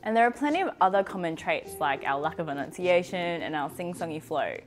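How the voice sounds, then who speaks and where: An Australian woman narrates a scripted explainer with a low-ish voice and a lively, swinging melody. Her delivery is wry and conversational, with soft music running underneath. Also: fairly quick. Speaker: presenter.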